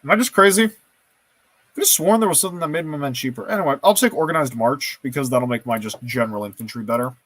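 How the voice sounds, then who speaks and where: A man's voice: mid-range voice, fast talker, fairly bright tone, a little hiss or hum. A man giving casual let's-play commentary, thinking aloud and joking at his own expense as he makes choices in a strategy game. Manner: thinking aloud, self-mocking, playful. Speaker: gameplay streamer.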